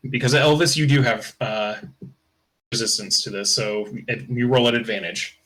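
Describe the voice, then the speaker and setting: A man running a tabletop game as game master, describing the scene in a relaxed, offhand way. His voice sits at a middle pitch. He fills the narration with easygoing fillers. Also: normal speed. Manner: casual, loose narration with fillers like "kinda" and "uh".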